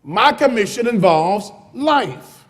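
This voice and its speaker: High-voiced male pastor preaching in a hall. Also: slow. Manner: builds from calm teaching to loud preaching. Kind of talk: sermon. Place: church sanctuary.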